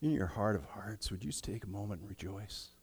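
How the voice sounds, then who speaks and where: A man's voice: fairly low pitch, animated, brisk, slightly rough. Emphatic male preacher in a reverberant hall. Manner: emphatic, swinging from hushed to loud. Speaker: pastor. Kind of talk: sermon. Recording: long reverb of a large hall.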